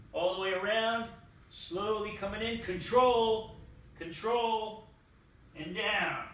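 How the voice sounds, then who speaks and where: Male fitness coach, deliberate exercise cues, recorded far from the mic in a very echoey studio. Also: high voice, bright, forceful tone. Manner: slow, deliberate cueing. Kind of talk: exercise demonstration. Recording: echoey room, distant mic.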